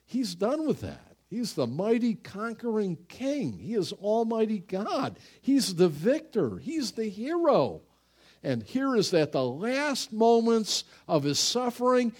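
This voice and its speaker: Impassioned preacher man with a lively voice. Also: sits high. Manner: impassioned preaching, slow and dramatic with sudden loud exclamations. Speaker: pastor. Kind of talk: sermon.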